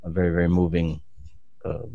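Deep-voiced man recapping casually. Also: monotone, a little fast, vocal fry, no room sound, narrow, tinny audio. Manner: rambling, hesitant recap with many fillers. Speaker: podcast host. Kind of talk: casual chat.

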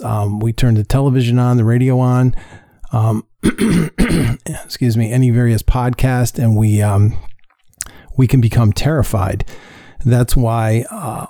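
A middle-aged man with a mellow, relaxed tone hosts a faith podcast, musing aloud with lots of "um"s and false starts. His voice sits close to the mic in a dry, dead room. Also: mid-range voice, dry recording. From upstate New York. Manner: halting, many fillers and restarts. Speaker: podcast host. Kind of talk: casual Christian podcast monologue.

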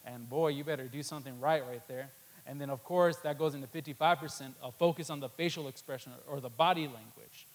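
A man delivers a sermon in an easygoing, talky way. His voice sits a little high for a man. He fills pauses with "um" and keeps tagging phrases with "right there.". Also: low-quality recording. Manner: conversational, many fillers, repeats "right there". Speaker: preacher.

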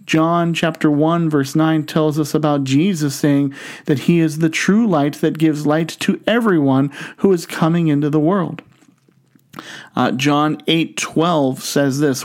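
A man preaching a sermon, reading scripture in a measured, deliberate way. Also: medium pitch, fairly even intonation, darkish tone. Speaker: pastor.

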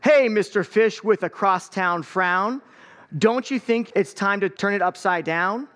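A friendly, grinning clam read by a man coaxes in a cheery tone. His own slightly high voice carries her in a storybook reading. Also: measured pace, fairly bright tone, big-room sound. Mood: coaxing. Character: friendly female clam with a wide grin.

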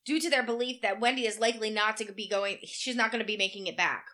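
Bright, blunt-talking woman co-host. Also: mid-range voice, fast. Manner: blunt, reads items then adds frank asides. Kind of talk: casual chat, reading gossip news.

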